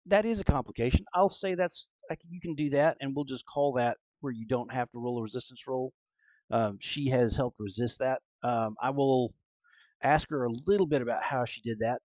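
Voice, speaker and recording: A man's voice: medium pitch, a little mellow, no echo. A man working as game master, explaining rules with frequent fillers in casual chat on a call. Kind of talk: running a tabletop game online.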